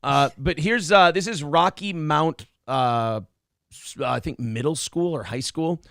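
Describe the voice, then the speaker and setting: A man hosting a casual morning show, talking in a profane, jokey and animated way. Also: fairly high pitch, a little slow, creaky, smooth, dry recording, clean studio sound. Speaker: host. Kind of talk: casual podcast chat.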